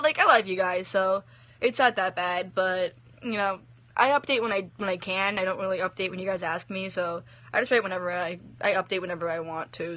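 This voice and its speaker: Chatty young woman, bright voice, dry phone sound, reads her story then answers viewer questions. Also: mid-range voice, no room sound. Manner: chatty, giggly, lots of "like" and "um". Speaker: online story writer. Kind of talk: reading aloud and casual livestream chat.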